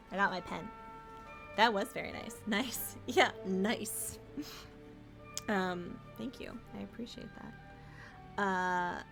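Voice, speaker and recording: Young woman streamer, chatty and playful, bouncy high-ish voice, bit of music behind. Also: fairly bright tone. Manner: chatty, playful, talks to chat and pets. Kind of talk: casual gameplay commentary.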